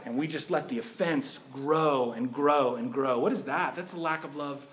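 A man's voice: medium pitch, moderate pace, few pauses, fairly bright tone. A man preaching a sermon in a conversational way, often asking his listeners rhetorical questions.

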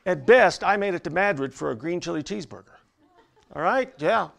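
Pastor, male, high gravelly voice, unhurried and emphatic, chatty church sermon. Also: expressive, fairly bright tone. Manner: emphatic, conversational preaching with asides to the congregation.

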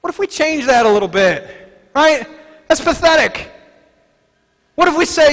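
A man preaching a sermon, moving between quiet, low passages and loud, declaring ones. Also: sing-song, measured pace, long pauses, in a large hall. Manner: swings from soft and low to loud, shouting declarations. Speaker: pastor.

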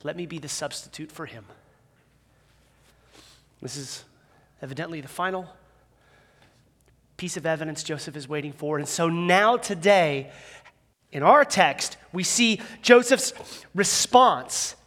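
A man preaching a sermon as a pastor in a church, conversational and animated, with self-deprecating humor. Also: fairly high pitch, a little slow, long pauses. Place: church sanctuary with a live audience. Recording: long reverb of a large hall.

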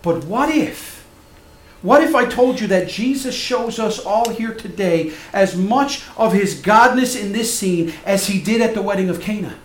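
A man preaches with a high, ringing voice that swings from loud and emphatic to soft and hushed. The sound is roomy and echoey, as in a church sanctuary. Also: animated, a little slow. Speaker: pastor. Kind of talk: sermon.

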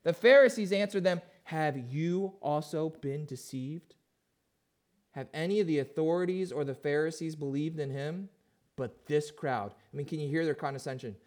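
A pastor preaching a sermon in a high-pitched male voice. He poses questions to his listeners and moves between quiet, drawn-in passages and louder, emphatic ones. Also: moderate pace. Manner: asks the congregation questions, swings from hushed to emphatic.

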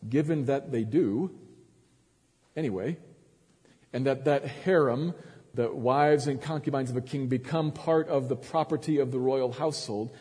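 A man's voice: mid-range voice, dark tone, slightly rough, long reverb tail. A male pastor preaching a sermon, retelling a story with dramatic emphasis and frequent restarts.

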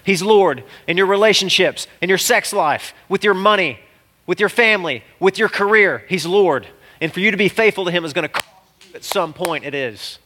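A man preaching a sermon as a pastor, animated and exclamatory, swinging from loud cries to hushed asides. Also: high voice, moderate pace.

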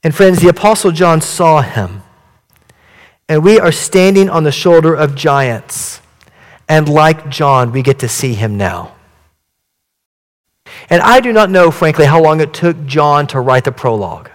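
A man's voice: a little high, animated, unhurried, pauses often, in a large hall. Earnest male pastor preaching. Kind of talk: sermon.

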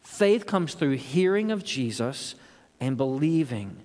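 A man's voice: mid-range voice, big pitch swings, slow, darkish tone. A man preaching a sermon on a Bible passage, asking rhetorical questions and voicing the people in the text. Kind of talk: expository sermon. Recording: long hall reverb.

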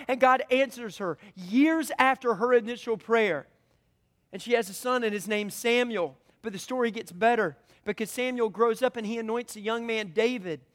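A man's voice: sits high, a bit bright. A man preaching a sermon in an earnest, conversational way, reading prayers aloud with feeling. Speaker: pastor.

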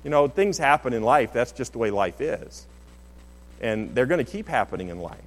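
A man's voice: mid-range voice, lively intonation, moderate pace, a little hiss or hum. A middle-aged man preaching a sermon as pastor, in an earnest, conversational way with many restarts. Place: church sanctuary. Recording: long hall reverb.

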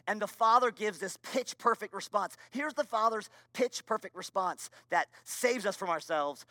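A man preaching a sermon as a pastor, earnest and emphatic, with repeated phrases and moments of quiet confession. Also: high-pitched, lively intonation, moderate pace, few pauses, dry recording. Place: church.

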